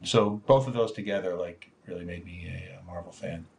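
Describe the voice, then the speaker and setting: A man's voice: sits low, brisk, gravelly, a little mellow. A man who is a guest on a comics podcast, joking and then telling stories about his past work in a thoughtful way. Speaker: guest, former comics editor. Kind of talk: phone-in interview chat.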